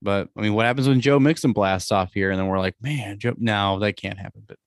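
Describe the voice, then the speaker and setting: A man's voice: on the low side, fairly even intonation, quick pace, smooth, dry recording. Laughing, joking male podcast host. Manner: joking, laughs often, swears casually. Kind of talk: casual sports chat.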